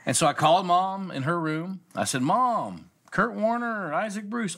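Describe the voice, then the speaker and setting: A man's voice: high voice, moderate pace, hardly any pauses. A middle-aged man, a pastor, telling a story in a casual talk show, acting out the people he quotes. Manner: animated storyteller, acts out quoted voices.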